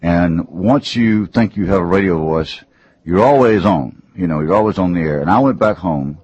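A man's voice: deep voice, normal speed, a little mellow, breathy edge, no room sound, muffled recording. A man from Georgia with a Southern accent, telling folksy joking stories as an interview guest. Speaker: columnist and speaker. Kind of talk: storytelling interview talk.

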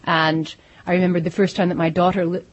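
A middle-aged woman from Pennsylvania, an author guest in a radio studio interview, talking in an animated way with frequent restarts. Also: on the low side, fast, highs cut off. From Lancaster, Pennsylvania. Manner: animated, self-interrupting, laughs easily. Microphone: studio microphone.

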